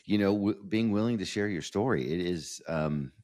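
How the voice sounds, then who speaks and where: A man with a very low, deep voice hosts a casual podcast interview. He talks with gushing enthusiasm, often stumbling and restarting his phrases as he goes. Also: normal speed, darkish tone. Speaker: podcast host.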